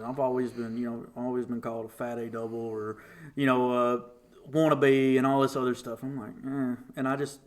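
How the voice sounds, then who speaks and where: A lively man, a podcast guest, tells a story casually at a normal speed. He's animated, acting out quotes with big jumps in pitch.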